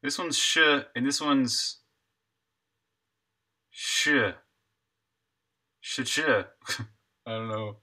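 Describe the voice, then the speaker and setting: A man's voice: medium pitch, drawn-out words, pauses often, pushed and bright. A man, an indie game developer, chatting casually on a live stream while he works, thinking aloud, answering chat and chuckling often.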